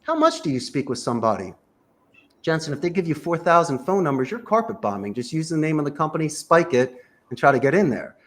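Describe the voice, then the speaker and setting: A man giving emphatic, rapid-fire sales coaching, full of rhetorical questions. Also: fairly high pitch, sing-song. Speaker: sales trainer. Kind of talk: animated coaching talk.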